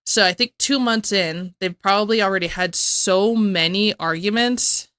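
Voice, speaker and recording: Woman, bright voice, dry sound; chatty reaction host who rambles and laughs. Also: mid-range voice, moderate pace, no room sound. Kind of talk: casual reaction commentary.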